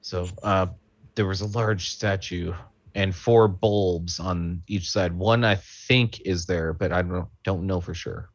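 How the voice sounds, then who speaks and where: A man playing a tabletop game, talking in a halting, unsure way. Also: low voice, fairly even intonation, no room sound. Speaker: player. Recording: dull lo-fi mic.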